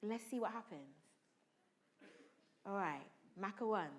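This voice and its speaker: A woman's voice: mid-range voice, a little slow. A woman leading a drama workshop for students, coaxing the group with constant questions and urging them to be bold. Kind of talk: energetic acting workshop coaching. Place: school hall or conference room.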